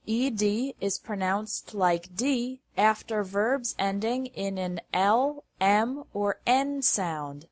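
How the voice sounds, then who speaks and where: Female pronunciation teacher, very deliberate pace, dry recording, word-by-word delivery. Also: medium pitch, no echo. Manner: reads word lists one by one with careful pauses. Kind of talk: slow scripted pronunciation lesson.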